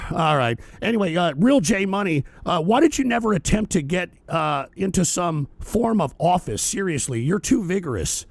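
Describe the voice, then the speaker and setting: A man with a very high, gravelly voice hosts a live political stream and rants profanely, often shouting. The sound is close and dry, with no room around it. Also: sing-song, moderate pace, dry recording. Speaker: host of a political talk stream. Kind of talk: live-streamed talk show, responding to chat.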